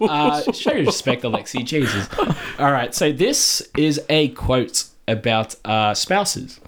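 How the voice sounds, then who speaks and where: A young man spins a crude story for his podcast co-hosts. His pitch swings widely as he talks, and he laughs and stumbles over repeated words. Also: sing-song, measured pace. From Australia. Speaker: podcast co-host. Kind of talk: casual storytelling chat.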